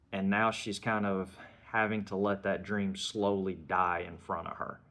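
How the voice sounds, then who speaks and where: A man's voice: lowish voice, fairly bright tone. A man giving a casual spoken film review, retelling scenes and dialogue in a conversational way.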